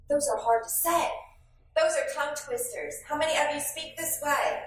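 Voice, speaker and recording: A woman's voice: sits high, moderate pace, slight background noise. A woman giving a restaurant new hire training talk, calling on trainees by name and acting out sample phrases. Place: training room with a live audience. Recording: very echoey room, voice from far off the mic.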